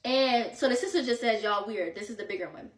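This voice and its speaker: Young woman host, casual slangy storyteller, higher pitch, echoey room sound. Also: expressive, fast talker, distant mic. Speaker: podcast host. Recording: roomy echo, set back from mic.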